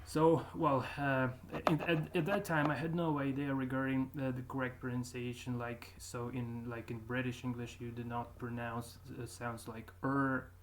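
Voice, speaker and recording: A YouTuber reviews his own accent progress, commenting casually on his old videos with a mid-range voice at normal speed and hardly any pauses. He sounds hesitant, with lots of fillers and restarts, over steady background noise.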